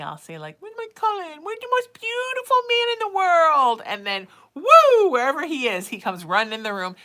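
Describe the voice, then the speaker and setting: A woman hosts a live psychic reading show in a casual, rambling chat. Her voice sits on the low side but rings bright and forceful. She talks to viewers with affection, calling them sweetie. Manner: affectionate, calls listeners sweetie and baby.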